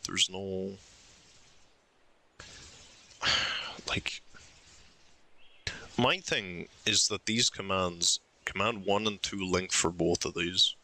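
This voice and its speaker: A man's voice: deep voice, bright, forceful tone. A young man streaming a puzzle game, thinking aloud and arguing his case insistently with himself. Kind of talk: live game commentary.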